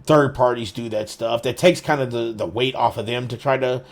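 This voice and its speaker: A man co-hosting a casual gaming podcast, swearing freely and telling animated stories. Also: mid-range voice, moderate pace. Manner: profane, animated storyteller. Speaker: podcast co-host.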